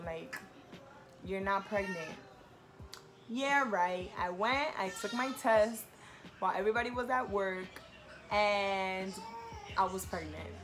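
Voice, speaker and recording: A young woman telling a personal story in a casual, animated way. She talks in slang, fills her talk with "like", and voices the people in the story. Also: slight background noise. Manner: animated, quotes herself and others with rising pitch; heavy use of "like", slangy. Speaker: vlogger.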